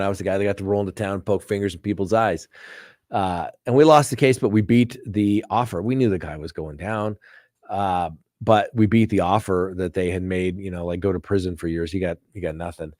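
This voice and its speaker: A man who hosts a live stream and, as a former defense lawyer, tells animated anecdotes, acting out what people said. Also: fairly low pitch, no room sound, studio quality. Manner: animated, anecdotal, acts out quotes. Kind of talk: casual live-stream storytelling.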